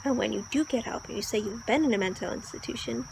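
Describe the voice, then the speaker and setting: A woman's voice: on the high side, fast, creaky, background noise. Earnest woman book vlogger, crickets behind. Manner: earnest, gets worked up when discussing the book. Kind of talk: casual vlog talk to camera.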